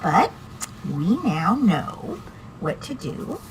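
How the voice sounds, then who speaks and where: A woman's voice: mid-range voice, big pitch swings, drawn-out words, slight background noise, rough recording. A woman teaching reading one-on-one to a student, patient and encouraging, asking many questions.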